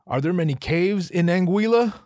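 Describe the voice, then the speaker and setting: A man's voice: high voice, animated, slow pace, a little mellow, no echo, clean studio sound. A man in his thirties hosting a casual solo podcast, riffing and joking with lots of swearing and self-interruptions. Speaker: podcast host.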